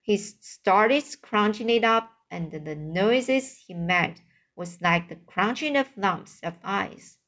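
A woman reading a children's book aloud, halting over unfamiliar words and adding brief asides. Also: medium pitch, a bit bright. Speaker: reader.

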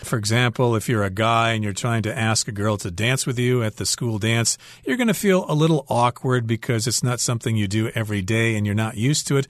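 A man explains English phrases in a calm, patient teaching voice, walking through examples one by one. His voice sits at an ordinary middle pitch. The studio sound is dry and close. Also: brisk, few pauses, no room sound. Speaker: English teacher on a radio lesson. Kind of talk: explaining dialogue and vocabulary.

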